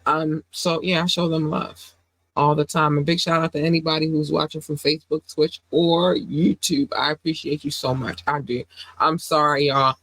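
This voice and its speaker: A woman hosts a casual livestream podcast, sounding under the weather and lower in energy than usual. She talks in an affectionate, rambling way, full of "um"s. The close, dry recording has no room sound. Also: little pitch movement, moderate pace, fairly bright tone, no echo, low-quality recording. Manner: affectionate, rambling, with many fillers. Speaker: podcast host.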